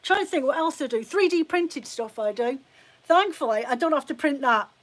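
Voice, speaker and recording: A woman's voice: high voice, lively intonation, normal speed. A middle-aged British woman who runs a fibre shop, chatting bluntly and casually on a live stream and swearing freely. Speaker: fibre shop owner hosting a live chat.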